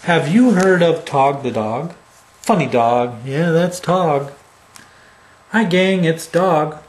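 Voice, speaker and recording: A man reading a bedtime story to his baby, gentle and affectionate. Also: on the high side, lively intonation, slow pace.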